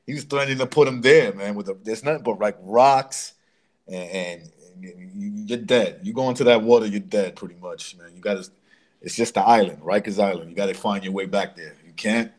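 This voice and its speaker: A man's voice: lowish voice, a little fast. A man from Puerto Rico, co-hosting a casual boxing podcast in a laid-back, joking way. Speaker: podcast co-host.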